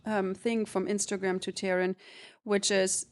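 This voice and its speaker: A woman co-hosting a podcast, chatting in an expressive way. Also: mid-range voice, a little slow. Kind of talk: casual chat.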